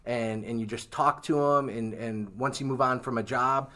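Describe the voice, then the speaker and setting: A man's voice: mid-range voice, steady tone, normal speed, bright, forceful tone. A man telling casino stories in casual conversation, an easygoing storyteller. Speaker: former casino floor worker. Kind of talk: casual podcast chat.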